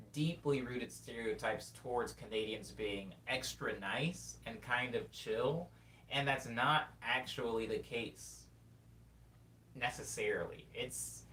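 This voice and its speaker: A man in his twenties hosting a live stream, reading chat messages aloud and reflecting in a rambling, casual way. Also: bright, forceful tone. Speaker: livestream host. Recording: distant mic with faint rumble.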